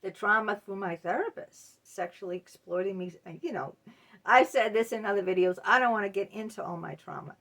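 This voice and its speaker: A woman's voice: mid-range voice, gravelly, a bit bright. A middle-aged woman hosting her own channel, talking straight to camera in a candid, confessional way that often halts on fillers and restarts. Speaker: channel host. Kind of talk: confiding to-camera monologue.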